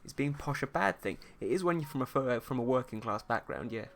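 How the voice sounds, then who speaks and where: A man's voice: medium pitch, animated, quick pace, a bit bright, a little hiss or hum. A man with a posh British accent, hosting a casual art livestream and chatting and teasing his viewers in a playful way. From England. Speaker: art streamer host.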